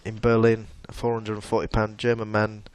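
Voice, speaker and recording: A man's voice: lowish voice, completely flat delivery, brisk, a little mellow, clear, resonant tone, no echo. A man co-hosting a casual podcast chat, retelling odd news stories with a laugh. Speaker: podcast co-host.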